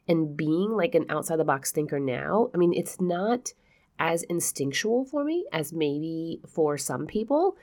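Podcast host, woman, low voice, nasal and congested from a cold, chatty and frank. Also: sing-song, a little slow, a little mellow. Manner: chatty, laughs often, frank. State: stuffy nose. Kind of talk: casual chat.

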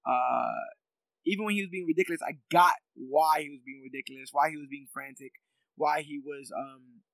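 A man's voice: fairly high pitch, brisk, vocal fry, fairly bright tone, no echo, poor audio. Reflective man, dry close sound. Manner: thoughtful, reflective, frequent filler ums. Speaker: podcast co-host. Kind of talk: casual chat reviewing a TV series.

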